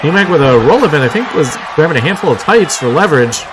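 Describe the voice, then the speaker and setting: A man doing live play-by-play commentary on a wrestling show, excitable, with frequent exclamations and wry asides. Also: a little high, fast. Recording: clear crowd noise and background noise.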